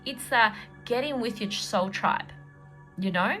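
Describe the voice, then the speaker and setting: Faint music sits under a voice on the high side, bright and forceful, moving at a measured pace. It belongs to a middle-aged woman, a tarot reader and energy healer, rambling through a casual spoken reading full of fillers and laughter.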